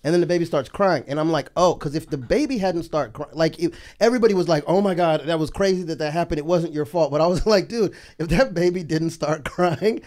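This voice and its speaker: A man's voice: a little high, fairly quick, hardly any pauses, darkish tone. Laughing rambling man telling stories. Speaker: podcast guest, comedian. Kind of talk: casual chat.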